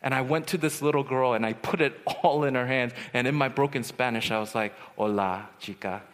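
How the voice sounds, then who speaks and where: A man giving a testimony sermon at a youth retreat, telling his story dramatically and swinging from hushed to loud. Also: medium pitch, steady tone, fairly quick. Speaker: retreat speaker. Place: large hall at a youth retreat. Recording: long hall reverb.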